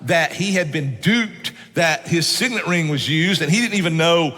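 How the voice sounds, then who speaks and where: A man's voice: fairly high pitch, moderate pace, sharp tone, soft background music. A middle-aged man preaching a sermon, telling stories in a folksy way and often saying "man". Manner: folksy storytelling with frequent "man". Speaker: pastor. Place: church sanctuary. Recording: church hall reverb.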